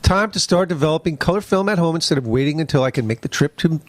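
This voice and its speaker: A man's voice: on the high side, fast talker, dry recording. A man co-hosting a podcast, reading listener letters aloud in a jokey, casual way. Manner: jokey, breaks into put-on voices. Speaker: podcast co-host.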